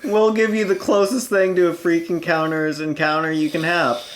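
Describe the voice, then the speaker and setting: A man's voice: a little high, level tone, normal speed. A man co-hosting a podcast in casual chat, mostly agreeing in short replies and laughing along. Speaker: podcast co-host.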